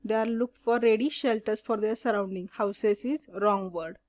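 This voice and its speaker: A woman teacher reading out exercise questions and their answers in a slow, deliberate question-and-answer way. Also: medium pitch, steady tone, a little mellow, dry recording, highs cut off.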